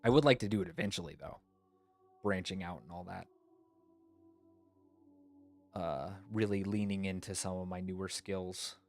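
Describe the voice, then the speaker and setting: A man's voice: low voice, moderate pace, long pauses, faint music behind. A man streamer chatting casually and rambling, thinking aloud with fillers, sleepy. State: yawning, sleepy. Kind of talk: casual chat.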